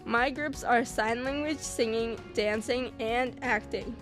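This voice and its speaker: A teenage girl reads a school news report in a slightly high voice, pausing carefully between phrases. Soft music plays underneath. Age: teens. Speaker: student news anchor.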